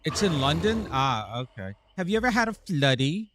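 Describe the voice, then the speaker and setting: A man's voice: on the high side, sing-song, normal speed, background noise. A man hosting a live game stream, chatting casually and teasing his viewers in a playful way. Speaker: live-stream gamer host.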